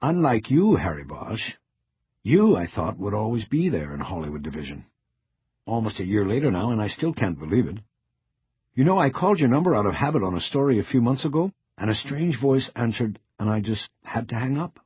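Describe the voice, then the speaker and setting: A man voicing a friendly woman newspaper crime reporter who talks in lively, teasing patter. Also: fairly low pitch, fairly quick, breathy edge, dry recording, muffled recording, voice pushed up, heavily acted.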